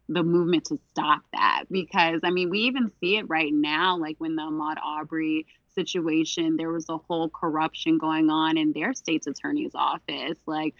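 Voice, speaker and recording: A woman who is a former prosecutor, a guest on a podcast, telling animated stories and quoting people in lively voices. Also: low voice, dry recording. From Brooklyn, New York. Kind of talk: casual podcast conversation. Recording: dull, dry podcast audio.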